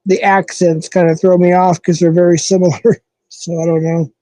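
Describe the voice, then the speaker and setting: Man, live-stream host, from the american southwest, rambling casual chat, mellow tone, slightly high. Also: level tone, normal speed, no room sound, poor audio. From southwestern United States. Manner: rambling, loose, thinks aloud with fillers and self-corrections.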